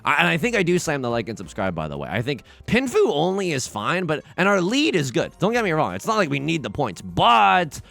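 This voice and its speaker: Lively young man commenting on his game. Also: fairly high pitch, fairly quick, creaky, hardly any pauses, no echo. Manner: animated, jokey, talks to chat, sudden loud outbursts. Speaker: let's play streamer.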